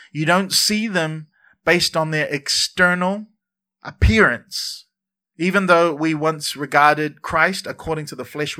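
Man, pastor, bright forceful voice, lively chatty sermon in a church. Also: on the high side. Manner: lively, conversational preaching with repeated words and asides.

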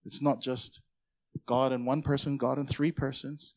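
A male pastor preaching a lively sermon, calling on the congregation to shout back responses. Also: medium pitch, measured pace. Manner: energetic, audience call-and-response.

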